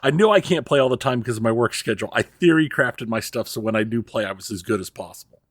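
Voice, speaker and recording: A man's voice: mid-range voice, expressive, quick pace, dry recording. A man co-hosting a casual gaming podcast, giving news with wry, dry asides. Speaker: podcast co-host.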